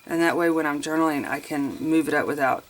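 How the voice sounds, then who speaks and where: Low-voiced chatty crafter woman. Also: fairly even intonation, a little fast. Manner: chatty, thinks aloud while crafting, addresses viewers as you guys. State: sniffling. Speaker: craft tutorial host. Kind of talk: casual crafting tutorial chat.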